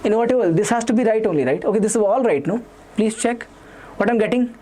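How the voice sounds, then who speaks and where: Fast-talking Indian English maths teacher. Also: male voice, sits high, mellow. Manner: fast, repetitive, reads students' chat comments aloud. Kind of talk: live online revision class.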